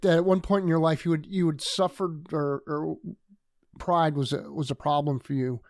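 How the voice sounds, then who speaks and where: A man hosting a radio talk show, asking questions in a halting, searching way. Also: on the high side, steady tone, no room sound, clean studio sound. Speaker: radio show host, interviewer. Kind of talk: radio interview questions and sign-off.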